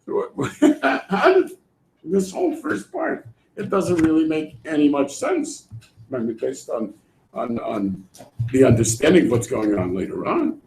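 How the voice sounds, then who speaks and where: Man, Torah teacher, high voice, lively swings, echoey room. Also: measured pace, a little hiss or hum. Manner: animated, acts out voices, laughs often. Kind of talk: animated Torah class.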